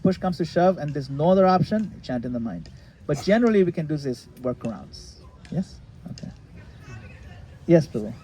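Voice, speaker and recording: A man leading a retreat session, explaining a practice in a relaxed, casual way and sometimes laughing at his own jokes. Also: on the high side, moderate pace, rough recording. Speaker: retreat leader answering questions. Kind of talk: casual teaching in a group session. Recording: faint background noise.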